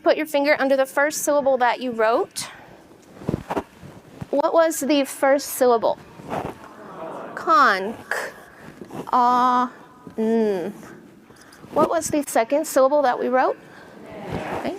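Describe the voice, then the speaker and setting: Casting: American woman, literacy lecturer addressing teachers, schoolroom clarity, a touch higher voice, light room hiss. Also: rough recording. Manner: teacherly, clear, checks in with "right?"; slows and stretches words when modeling sounds. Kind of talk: seminar lecture with a spelling demonstration.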